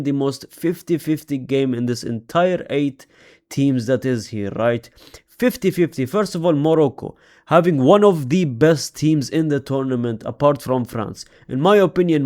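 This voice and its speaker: Young man, football vlog host, animated, swinging loud and soft, slightly high voice. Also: normal speed. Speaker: football vlogger. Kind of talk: casual predictions vlog.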